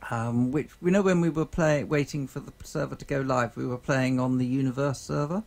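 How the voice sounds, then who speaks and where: A man streaming a space survival game, talking casually in a halting, rambling way full of fillers and restarts. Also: mid-range voice, fairly even intonation, vocal fry, darkish tone. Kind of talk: casual gameplay chat. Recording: noisy game sound behind the voice.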